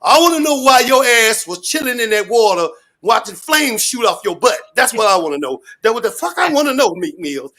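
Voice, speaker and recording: A man ranting loudly and profanely in street slang, rambling and repeating his catchphrases. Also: extremely high pitch, big pitch swings, fairly quick. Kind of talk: animated rant to an interviewer.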